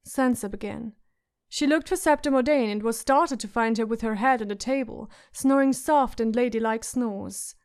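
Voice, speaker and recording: A woman narrating a fantasy audiobook in a measured, even storytelling manner. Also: fairly high pitch, smooth. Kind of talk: scripted narration.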